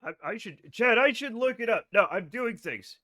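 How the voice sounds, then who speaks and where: A man's voice: very high voice, expressive, moderate pace, pushed and bright. A man hosting a casual game livestream from home, rambling and scattered, joking at his own expense. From United States. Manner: rambling, scattered, self-mocking. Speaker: game streamer.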